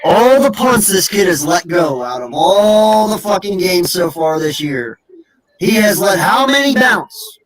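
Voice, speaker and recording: A man's voice: high voice, big pitch swings, a little slow, poor audio. A man in a heated, profane fan rant, furious and cursing, repeating himself over and over. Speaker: podcast co-host.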